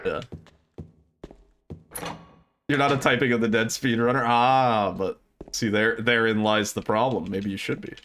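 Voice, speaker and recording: A man's voice: medium pitch, fairly even intonation, unhurried, pauses often, a bit bright, a little hiss or hum. A young man livestreaming, chatting casually with viewers, rambling with fillers, laughing often and swearing freely.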